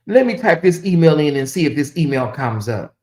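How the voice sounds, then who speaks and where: Animated woman streaming gossip commentary. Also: deep voice, a little fast. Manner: animated, repeats questions, swings from muttering to exclaiming. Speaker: commentary channel host. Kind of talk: casual live-stream commentary.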